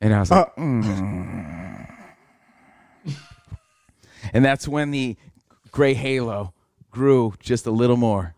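A man's voice: medium pitch, moderate pace, clean tone, dry recording, clean studio sound. A man telling a long story in casual chat, acting out the people in it and swearing freely. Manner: animated, acts out voices, swears.

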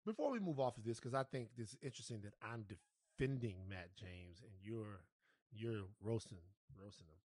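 A man's voice: fairly low pitch, lively intonation, normal speed, a little mellow, dry recording, clean studio sound. A man hosting a podcast, asking playful questions in a casual chat. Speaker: podcast host.

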